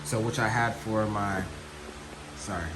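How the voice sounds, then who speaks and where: Man, low voice, relaxed rambling, fillers, motorcycle repair vlog, loud background noise. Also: unhurried. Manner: rambling, easygoing, many fillers. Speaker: motorcycle vlogger. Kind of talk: casual DIY repair vlog. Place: working on a motorcycle. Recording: noisy background ambience.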